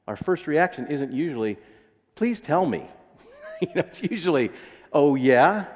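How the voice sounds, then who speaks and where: A man's voice: medium pitch, big-room sound. A man with an American accent preaching a sermon in a casual, joking way, acting out little voices. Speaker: pastor. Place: church sanctuary.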